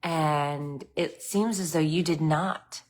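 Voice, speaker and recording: A woman's voice: deep voice, takes it slowly. A woman playing an apologetic male store phone representative who talks in a hesitant, overly polite way.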